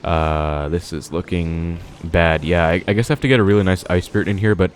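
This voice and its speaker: A man's voice: low-pitched, steady tone, brisk, slight background noise. A young man giving casual commentary on his own gameplay, thinking aloud with many fillers. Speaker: gaming video creator.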